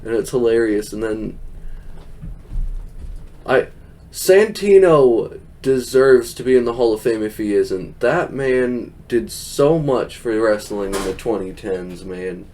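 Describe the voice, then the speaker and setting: Laughing a lot, a young man rambles through a casual recap of a show on his podcast, putting on silly voices for the quotes. He talks slowly, with a medium pitch and a darkish tone.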